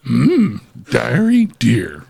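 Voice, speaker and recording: A man's voice: mid-range voice, wildly swooping pitch, very slow, vocal fry, a little mellow, breathy edge, exaggerated voice. A man voicing a wise, tiny old alien master who mutters with backwards word order. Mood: grumbling.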